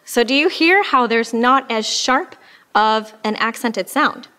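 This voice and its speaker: A woman's voice: fairly high pitch, expressive, a little slow, pushed and bright. A woman teaching an oboe lesson, explaining patiently and with frequent fillers. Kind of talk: instructional music lesson.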